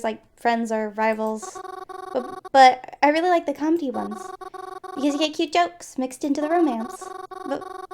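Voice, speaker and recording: A shy young bookworm from a story game stammers and rambles in a high, eager voice, as a woman plays her. She trips over her words and keeps apologizing for talking too much. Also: close to an everyday voice.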